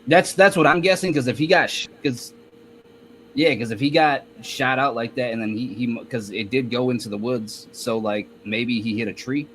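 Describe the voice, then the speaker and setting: A man, a guest rapper, telling a story in a casual interview, halting with many restarts. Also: medium pitch, fairly bright tone, slight background noise.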